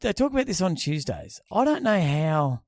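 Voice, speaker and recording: A man's voice: a little high, sing-song, normal speed, no room sound, studio quality. An Australian man co-hosting a podcast, bantering bluntly and jokingly in casual chat. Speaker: podcast co-host.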